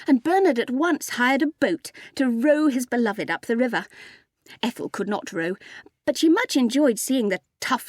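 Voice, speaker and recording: A woman narrating a storybook in an even, gently amused storytelling manner. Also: on the high side, dry recording, clean studio sound. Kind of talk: storybook reading.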